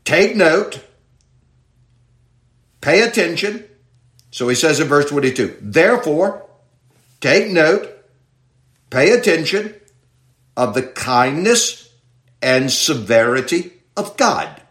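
A man teaching a Bible passage verse by verse in sermon style, reading slowly and stressing key words. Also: on the high side, sing-song, fairly bright tone, roomy sound. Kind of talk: expository sermon.

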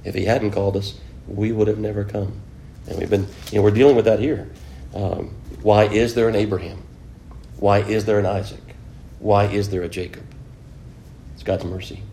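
With a little hiss or hum in the background, a man speaks in a lowish, mellow, creaky voice, steady in tone and moderate in pace. His informal Bible lesson is conversational, full of questions to the class and many "you know" fillers.

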